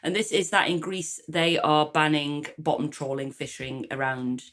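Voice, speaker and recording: Geordie woman cohosting a podcast, bit low voice, swears a lot, laughs loads. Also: moderate pace. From North East England. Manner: lively, swears freely, laughs often. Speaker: podcast co-host and author. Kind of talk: casual chat.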